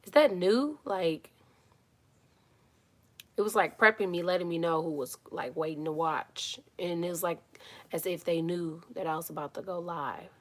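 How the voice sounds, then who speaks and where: A woman hosting a casual live Q&A stream from a phone in a small home closet. She is chatty and animated, greets viewers by name and drops into soft muttered asides. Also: lowish voice, moderate pace.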